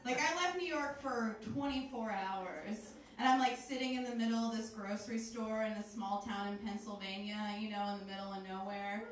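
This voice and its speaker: A woman's voice: medium pitch, moderate pace, few pauses, distant mic. A young woman performing a stand-up comedy set on a club stage, talking in a chatty, rambling way with lots of fillers. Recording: roomy club sound heard from afar, crowd noise. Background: audience laughter.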